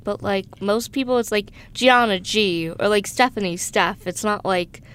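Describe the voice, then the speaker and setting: Smooth-voiced teenage girl, frank. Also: medium pitch, a bit bright. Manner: quick, laughing, frank. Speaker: podcast co-host. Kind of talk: casual chat.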